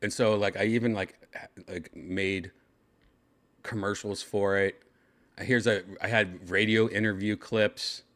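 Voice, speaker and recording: Man, show host, lowish voice, rambling laid-back storytelling, lots of restarts. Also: fairly even intonation, a little slow, fairly bright tone. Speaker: podcast host. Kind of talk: casual storytelling.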